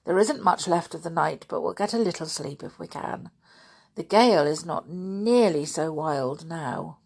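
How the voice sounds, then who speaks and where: A woman voicing a worried, tearful middle-aged aunt in a storybook reading, sighing and anxious, with a husky voice. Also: low-pitched, lively intonation, measured pace, a little mellow, heavily acted. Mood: weary. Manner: anxious, sighing, near tears.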